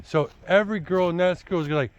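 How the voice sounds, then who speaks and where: Despite the muffled recording, this father's high voice is clear and resonant, moving at a quick pace. He rambles casually through dating advice for his son in vlog style, blunt and preachy, with repeated fillers like "you know" and "dude."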